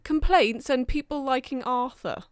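A woman's voice: high-pitched, a little slow, clean tone, no echo, studio quality. A young woman in her twenties co-hosting a podcast, talking bluntly and swearing freely in casual chat. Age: 20s. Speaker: podcast co-host.

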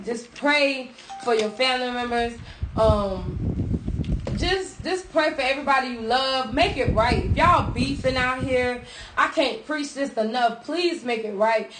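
A woman, co-hosting a casual podcast, blunt and profane, often preaching at her listeners. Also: on the high side. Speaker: podcast co-host. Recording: echoey room with clear noise.

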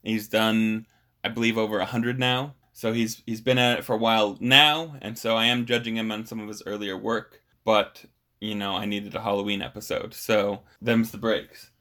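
A man's voice: lowish voice, steady tone, moderate pace, sharp tone. A man co-hosting a podcast in casual conversation, rambling and hesitant as he talks. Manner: rambling, hesitant, with many restarts and fillers. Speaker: podcast co-host. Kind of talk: casual chat.

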